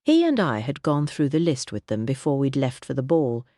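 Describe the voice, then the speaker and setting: An audiobook narrator reading a period mystery novel in an even, measured storytelling manner. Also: medium pitch, dry recording, studio quality.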